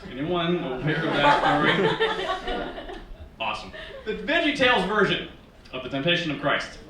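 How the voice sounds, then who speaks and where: A man in his thirties from Northern Virginia performing a stand-up comedy set in a wry, sarcastic, animated way, recorded from a distance on a small theater stage. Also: medium pitch, very noisy. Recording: echoey theater from far off. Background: live audience laughing.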